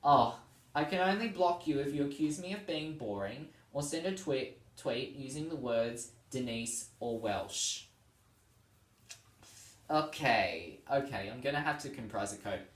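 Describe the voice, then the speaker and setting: A man's voice: mid-range voice, lively intonation, a little slow. A tired man hosting a vlog, reading tweets aloud in casual chat and laughing often between them. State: tired and yawning. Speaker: vlog host. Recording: roomy sound, distant from the mic.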